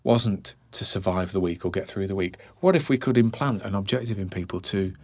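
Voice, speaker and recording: A man in his forties, chatting casually as a podcast host and telling animated stories, sometimes dropping to a hushed whisper for effect. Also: low voice, a little fast, dry recording. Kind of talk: casual chat.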